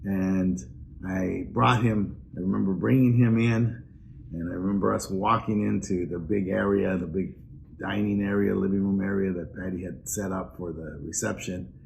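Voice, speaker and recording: Older male presenter, deep gravelly voice, warm earnest storytelling tone with a hint of hiss behind. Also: steady tone, normal speed. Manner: reminiscing, earnest, hesitant fillers. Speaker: award presenter. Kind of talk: personal introduction speech.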